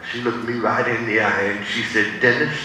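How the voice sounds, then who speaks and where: A man whose voice is on the low side preaches at normal speed, recounting his own story and lively voicing the people in it. The recording comes from a distant mic in an echoing sanctuary, with some faint noise underneath.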